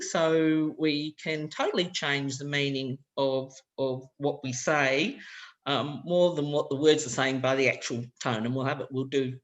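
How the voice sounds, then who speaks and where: Australian man presenting a workshop, slightly high. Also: fairly bright tone. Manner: explanatory, loose and conversational, walking through examples. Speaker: workshop presenter for language teachers. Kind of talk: practical teacher-training workshop talk.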